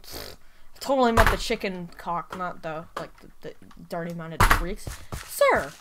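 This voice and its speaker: A woman commentating her own gameplay, excitable and rambling, with sudden bursts of yelling into a desk microphone. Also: on the low side, unhurried, very noisy. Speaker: gaming video creator. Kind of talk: live game commentary.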